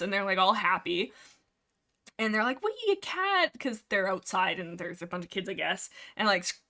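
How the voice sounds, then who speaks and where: Bright, rambling young woman streamer. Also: mid-range voice. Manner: rambling, chatty, many fillers and restarts, quick acted quotes. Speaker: livestream host. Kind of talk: casual book discussion livestream.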